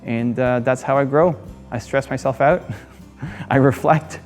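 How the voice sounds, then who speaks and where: A man's voice: medium pitch, steady tone, unhurried, darkish tone, faint music behind. A man hosting his own channel, giving an earnest motivational monologue that repeats key phrases and asks rhetorical questions. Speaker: channel host.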